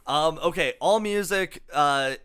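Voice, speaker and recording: A man co-hosts a laid-back comedy album review podcast. His voice is bright and crisp. He rambles loosely, full of fillers and casual swearing. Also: a little high, measured pace. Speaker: podcast co-host.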